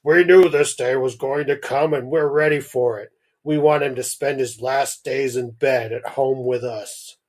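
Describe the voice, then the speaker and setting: A man reading a story aloud and voicing a weary father who speaks earnestly and slowly. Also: mid-range voice, fairly even intonation, close to an everyday voice. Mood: resigned. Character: weary, resigned father of a sick boy.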